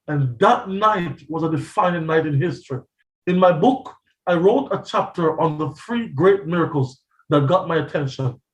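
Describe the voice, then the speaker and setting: A man preaching a testimony sermon as a pastor, telling his story dramatically and acting out the voices he quotes. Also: on the high side. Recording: echoey, from a distance.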